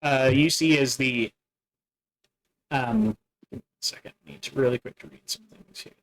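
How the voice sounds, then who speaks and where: Man narrating as game master, halting. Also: mid-range voice, fairly bright tone, rough recording. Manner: casual, halting narration with many fillers.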